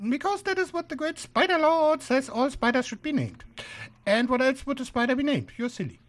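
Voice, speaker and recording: An old giant spider teacher, voiced by a man, reaching for solemnity with a shrill, high-pitched voice. It sounds childish rather than grave. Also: sing-song, fairly quick, a bit bright, full character voice. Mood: matter-of-fact. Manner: trying to sound somber, childish.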